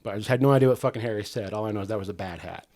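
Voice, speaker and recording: Casual co-host, man, lowish voice, swears a lot, rambling "like"-filled talk. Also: rapid-fire, darkish tone. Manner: loose and profane, heavy use of "like". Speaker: podcast co-host. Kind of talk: casual movie discussion podcast.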